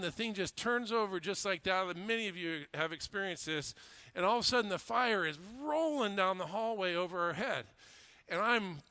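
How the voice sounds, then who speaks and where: A man's voice: high voice, pushed and bright, clear, resonant tone, no room sound. A middle-aged man, a fire officer and instructor, telling a story in a speech with earnest emphasis and repeated phrases.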